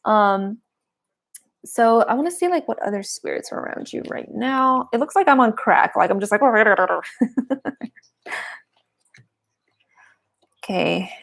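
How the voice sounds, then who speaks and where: A woman's voice: fairly high pitch, very animated, normal speed, gravelly. A woman giving a live-streamed tarot and oracle card reading, chatty and giggly, with a lot of "like" fillers.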